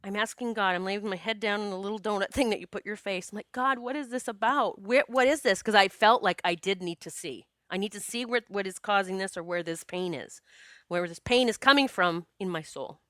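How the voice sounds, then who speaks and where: A woman's voice: medium pitch, fairly quick, no room sound, studio quality. Chatty spiritual woman storyteller. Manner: animated, chatty, frequent restarts and quoted self-talk; spiritual, earnest. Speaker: podcast host, psychic medium. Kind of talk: casual personal storytelling.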